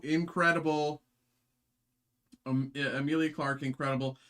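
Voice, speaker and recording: A man's voice: mid-range voice, a little slow. A man hosts a live card-opening break, chatting casually as he opens packs. His talk rambles, with constant fillers and restarts. He jokes at his own expense. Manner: self-deprecating, rambling with many fillers and restarts.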